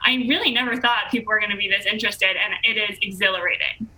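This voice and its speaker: A woman journalist joining a sports panel remotely over a video call, excited and gushing as she talks. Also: medium pitch, quick pace, low-quality recording. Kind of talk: casual panel discussion.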